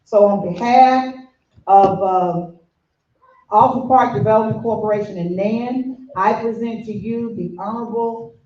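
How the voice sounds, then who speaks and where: A woman's voice: medium pitch, a little slow, dark tone. A woman with a Southern accent from Tennessee, hosting a community event and introducing speakers in a folksy, chatty way. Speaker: event host. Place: community hall. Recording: echoey, dull room recording from far off.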